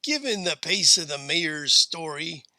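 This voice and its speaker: A man narrating a western tale in an unhurried, folksy storytelling manner. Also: fairly high pitch, big pitch swings, pushed and bright, dry recording. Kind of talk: storybook reading.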